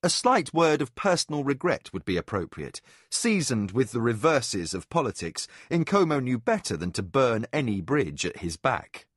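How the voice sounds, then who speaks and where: A man reading a fantasy novel aloud in measured, expressive scripted narration. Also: medium pitch, breathy edge, dry recording, studio quality. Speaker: audiobook narrator.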